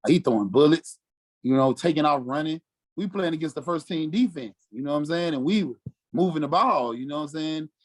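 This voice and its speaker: A former football player from Mississippi, telling stories casually and acting out quotes with lots of "you know what I'm saying". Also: male voice, on the high side, brisk. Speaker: former NFL fullback, podcast guest. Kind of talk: casual storytelling interview.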